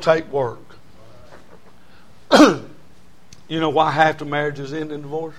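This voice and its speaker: A man's voice: on the high side, little pitch movement, slow, pauses often. A man preaching a sermon to a church congregation in an emphatic, repetitive cadence with folksy humor.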